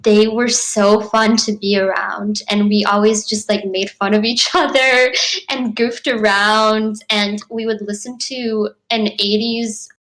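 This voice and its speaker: A young actress answering interview questions in a bubbly, chatty way, full of "like" and "um" and quick laughs. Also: female voice, mid-range voice, level tone, a bit bright, low-quality recording. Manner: bubbly, frequent 'like' and 'um', laughs often. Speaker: actress guest. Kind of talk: casual interview.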